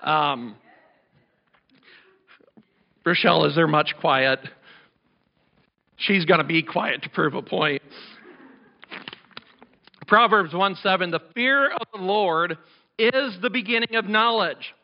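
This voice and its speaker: A middle-aged male pastor delivers his sermon with a raised, high-pitched voice, loud and fervent, drifting into chatty asides. His voice is strained and cracking from overuse, and the recording sounds dull and lo-fi. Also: takes it slowly, creaky, long pauses. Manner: loud and passionate, conversational asides. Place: church sanctuary.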